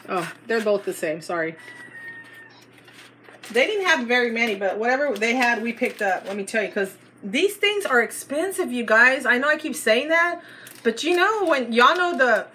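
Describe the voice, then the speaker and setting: A woman's voice: on the high side, bright, forceful tone, a little hiss or hum. A middle-aged woman, chatting and gushing as she shows a store haul in a casual vlog. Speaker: haul vlogger.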